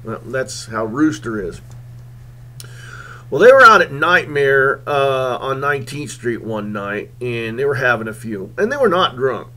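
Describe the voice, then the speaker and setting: Male radio host, mid-range voice; animated comic storyteller who rambles and fills pauses on a studio mic. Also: medium pitch. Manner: animated, rambling, with frequent fillers.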